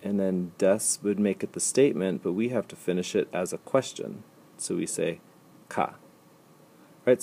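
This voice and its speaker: Patient, husky-voiced man teaching slowly. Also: deep voice, mellow. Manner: patient, explains step by step, repeats example sentences slowly. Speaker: language teacher. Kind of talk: recorded slide lecture.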